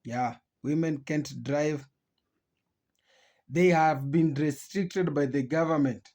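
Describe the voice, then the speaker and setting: A man with a fairly high voice speaks slowly as a reaction host, circling back to repeat each point. His delivery is steady and unhurried. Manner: slow, repetitive, restating points. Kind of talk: reaction commentary.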